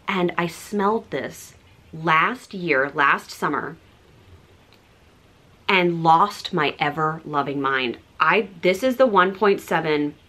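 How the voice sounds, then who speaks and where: A beauty vlogger in her thirties chats breezily to camera while showing products, her speech full of "like" fillers and soft asides. She has a lowish voice.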